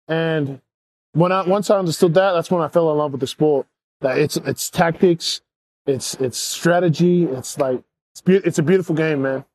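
Brief: young man from Australia, lively storytelling guest, higher-pitched voice, close dry studio sound. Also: moderate pace, no echo. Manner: animated storyteller, playful outbursts. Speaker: guest, football player. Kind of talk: casual chat.

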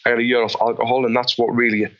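A man, a boxing coach being interviewed, telling animated stories and often restarting his sentences. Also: medium pitch, rapid-fire, lo-fi sound. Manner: animated storyteller with many restarts. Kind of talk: interview conversation.

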